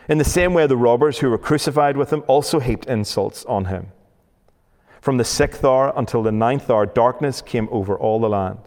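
Male preacher, mid-pitched, sermon with scripture readings, long hall reverb. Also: darkish tone. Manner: reads scripture aloud, slows down for emphasis.

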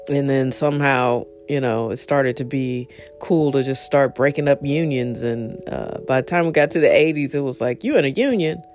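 A speaker telling a casual story and giving advice, rambling with many asides and fillers, getting animated when retelling exchanges. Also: mid-range voice. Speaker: monologue speaker.

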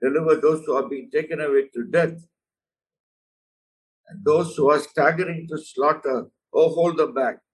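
A man's voice: fairly high pitch, normal speed, far from the mic, low-quality recording. A man preaching a sermon, earnest and emphatic, often calling the listener "my friend".

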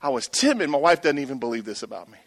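A man's voice: mid-range voice, big pitch swings, rapid-fire. A middle-aged pastor preaching a sermon, telling a story and calling out to his congregation for a response.

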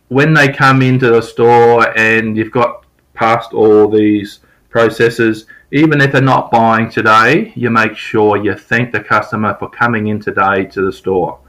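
A man's voice: on the low side, a bit bright, rough recording. A middle-aged man teaching sales techniques in an informal, conversational way, repeating key points for emphasis. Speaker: sales trainer. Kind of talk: informal spoken sales lesson.

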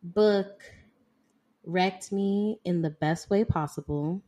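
Young woman co-host with a lowish voice, chatty and loose in a casual book talk. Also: slow, mellow. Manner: chatty, heavy use of "like" and "y'all". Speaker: podcast co-host.

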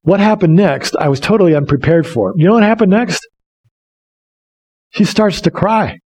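High-voiced male pastor preaching. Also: expressive, normal speed, long pauses, a little mellow. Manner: earnest, storytelling preacher with frequent restarts. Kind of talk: sermon.

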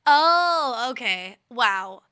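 A woman co-hosting a podcast in casual chat, animated and giggly, with lots of filler words. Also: a little high, very slow, clear, resonant tone. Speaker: podcast co-host.

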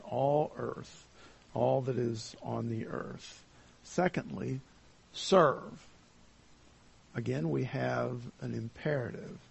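A man teaching a verse-by-verse Bible lesson, speaking slowly and deliberately with many pauses and fillers. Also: mid-range voice, creaky, darkish tone, husky.

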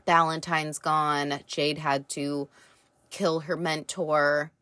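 A woman's voice: sits low, level tone, slow pace, a bit bright, no echo. A woman reviewing a TV show in a casual, rambling chat, full of fillers and the odd swear word.

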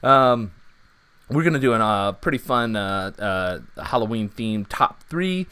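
A man's voice: lowish voice, lively intonation, a little slow, pushed and bright, clear, resonant tone, no echo. A man hosting a podcast in casual chat, upbeat and rambling through long lists with restarts. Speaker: podcast host.

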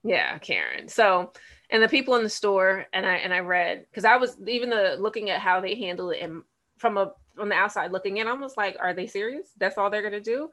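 A woman's voice: medium pitch, big pitch swings, fairly quick, fairly bright tone. A woman co-hosting a casual talk show, blunt and candid, laughing as she talks. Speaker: podcast co-host. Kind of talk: casual chat.

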